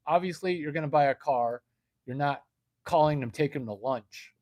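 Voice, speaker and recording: A man's voice: a little high, moderate pace, a little mellow, dry recording. A man hosting a comedic livestream, ranting in a brash, profane way and reading chat messages aloud. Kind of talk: unscripted comedic rant.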